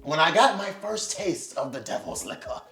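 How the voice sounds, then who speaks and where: A man in his thirties, a guest, chatting casually in an expressive, joking way. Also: on the high side, moderate pace. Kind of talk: casual chat. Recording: roomy echo with music.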